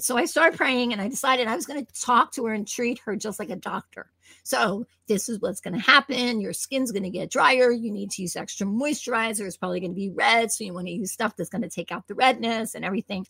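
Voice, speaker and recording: A middle-aged woman from New Jersey, a guest telling animated stories in a conversation and acting out quoted voices. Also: a little high, gravelly, breathy edge, dry recording. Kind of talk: storytelling in a conversation.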